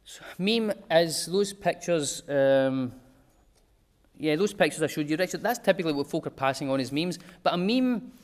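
A man's voice: a little high, darkish tone. A man giving an informal talk to a small group, chatty and digressive, with homely examples.

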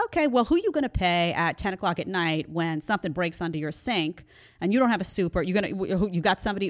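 A woman's voice: mid-range voice, animated, a little fast. Woman host, middle-aged, mid-range voice, direct and emphatic. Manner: emphatic, conversational, talks straight to viewers. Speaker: show host. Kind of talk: live commentary show.

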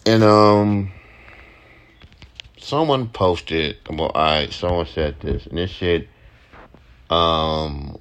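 A young man with a low voice, rambling in a profane, ranting late-night podcast monologue. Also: very slow, pauses often, fairly bright tone, clear, resonant tone. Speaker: podcast host, rapper.

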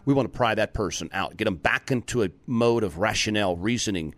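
A man hosting a political talk show, delivering a sarcastic, animated monologue that rises into emphatic outbursts. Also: fairly low pitch, brisk, dry recording.

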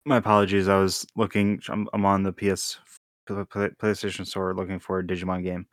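A man co-hosting a casual gaming podcast who talks in halting, stammering restarts. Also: low-pitched, level tone, dry recording, clean studio sound. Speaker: podcast co-host.

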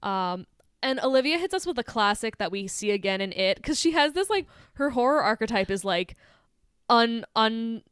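A young woman co-hosting a podcast, chatting casually, animated and swearing freely as she recaps a film. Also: fairly high pitch, normal speed, smooth, no echo, studio quality. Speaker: podcast co-host.

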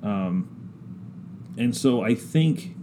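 Man, casual storyteller, low mellow voice, halting pace, faint hiss. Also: animated. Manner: slow, drawn-out, halting with many ums. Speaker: podcast guest discussing scripture.

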